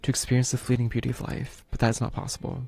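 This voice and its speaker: A man's voice: medium pitch, monotone, racing, gravelly, mellow, husky, faint music behind. A man voicing the male Grim Reaper in a video game, a protective and brooding figure who speaks in formal, earnest sentences. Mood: tender.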